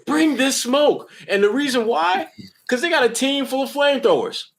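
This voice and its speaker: High-pitched male co-host, emphatic and slangy, casual sports chat. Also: animated, a little fast, vocal fry. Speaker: podcast co-host.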